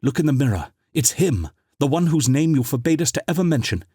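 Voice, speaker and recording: Brief: panicky schemer, high and shrill, voiced by a man, dry close read. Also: big pitch swings, fairly quick, mellow, husky, no echo. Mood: urgent. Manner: shrill, urgent pleading. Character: panicky, scheming adult male cousin.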